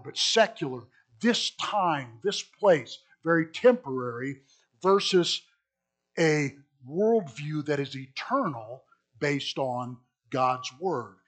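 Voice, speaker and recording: Emphatic preacher man, higher voice. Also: husky. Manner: emphatic, swinging between loud stresses and quiet asides; addresses listeners as folks. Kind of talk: sermon.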